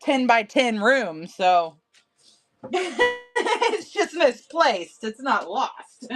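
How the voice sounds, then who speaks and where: A woman's voice: on the high side, big pitch swings, extremely slow. A woman in her thirties selling crystals on a livestream, chatting casually and laughing often. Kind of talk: casual live-sale chat.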